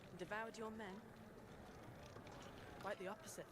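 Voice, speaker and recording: A man playing a cool, formal fantasy gentleman. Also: sits high, steady tone, moderate pace, lightly acted. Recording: trailer audio played back quietly under loud noise.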